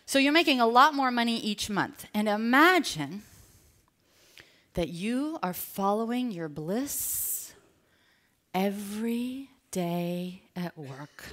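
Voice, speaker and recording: A woman business coach giving an energetic motivational seminar talk, drawing the audience in with call-and-response questions. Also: mid-range voice, slow. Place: live event with an audience.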